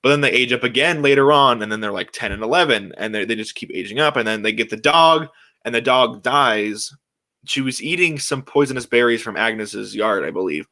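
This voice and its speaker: A young man talks alone as host of his own show, tumbling through his thoughts with restarts and fillers. His voice is bright and forward, and he sounds eager throughout. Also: medium pitch, fairly quick. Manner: excited, rambling, many restarts and fillers. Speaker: podcast host. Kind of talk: casual solo chat.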